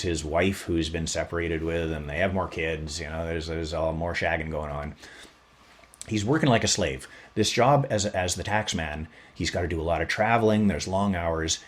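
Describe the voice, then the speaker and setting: A man hosting a podcast, telling a history story in a casual, chatty way and playing it up for fun. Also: low-pitched. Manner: animated, chatty, plays up the story. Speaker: podcast host.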